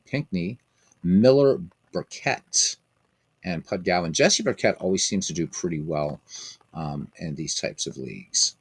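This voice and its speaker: A man's voice: low-pitched, no echo. A man hosting a stream of a baseball simulation game, chatting casually with viewers in a rambling way full of fillers and restarts.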